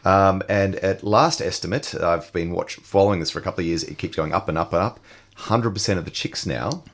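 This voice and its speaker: A man's voice: low voice, brisk. A man with an Australian accent hosting a casual community radio chat, laughing easily and using plenty of fillers. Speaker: radio show host.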